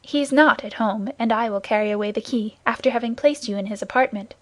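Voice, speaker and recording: A woman's voice: a little high, fast, no room sound, lightly acted. A woman voicing an earnest, gallant young male guardsman in an audiobook, reassuring and commanding.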